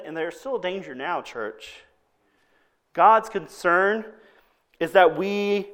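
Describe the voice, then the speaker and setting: A man preaches to his congregation in an easygoing, talky manner, often pausing to ask "okay?" before moving on. His voice sits a little higher than most men's. He sounds like a pastor speaking to his own church. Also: a bit bright. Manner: conversational preaching with frequent "okay?" check-ins. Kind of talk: sermon.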